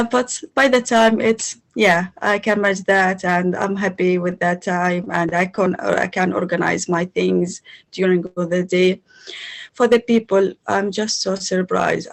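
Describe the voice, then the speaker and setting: Interview guest: woman from Syria, halting English full of pauses. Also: mid-range voice, creaky. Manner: non-native English, halting, with many pauses and fillers. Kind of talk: casual interview.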